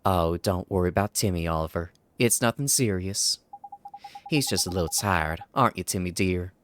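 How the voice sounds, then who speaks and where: A man plays a fussy, doting older woman who owns a cafe in a fan-voiced story game. She coos and sweet-talks her pet, with pitch that rises and falls widely. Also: big pitch swings, unhurried, a little hiss or hum. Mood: cooing. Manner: cooing, sweet-talking.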